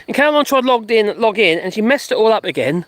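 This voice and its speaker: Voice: mid-range voice, lively intonation, quick pace, no echo. Rambling live-streamer. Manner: chatty and rambling, laughs often. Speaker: livestream host. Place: outdoors in a garden.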